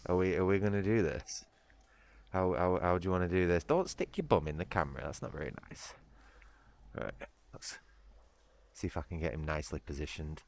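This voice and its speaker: A man's voice: low voice, lively intonation, brisk, long pauses. A British man chatting casually on a livestream, rambling between coaxing calls to his cat. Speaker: streamer.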